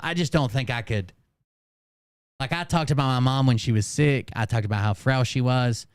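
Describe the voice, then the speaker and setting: A man's voice: medium pitch, darkish tone, clear, resonant tone, dry recording, clean studio sound. Blunt, sarcastic man reacting live. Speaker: channel host reacting to clips. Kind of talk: live-stream reaction commentary.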